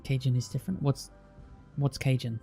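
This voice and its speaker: A man's voice: medium pitch, flat delivery, moderate pace, gravelly, dark tone, soft background music. A British man streaming, chatting casually with viewers and explaining at length, with a lot of restarts. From Britain. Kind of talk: casual chat reading viewer comments.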